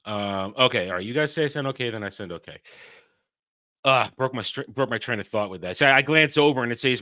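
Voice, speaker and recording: A man's voice: medium pitch, expressive, quick pace, pushed and bright. A man hosting a livestream, ranting in a heated way with frequent stumbling restarts. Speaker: host.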